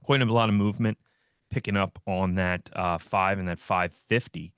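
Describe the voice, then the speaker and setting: A man with a fairly low voice hosts a live trading stream. He talks through the market in a loose, joking way, full of fillers and asides. The sound is dry, with no room echo at all. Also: fairly even intonation, moderate pace, fairly bright tone, clear, resonant tone. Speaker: host of a trading livestream. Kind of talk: casual live market commentary.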